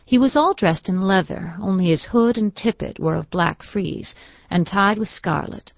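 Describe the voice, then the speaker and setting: A woman narrating a classic novel in a measured, even reading. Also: mid-range voice, vocal fry, no echo. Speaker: audiobook narrator. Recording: dull, dry studio recording.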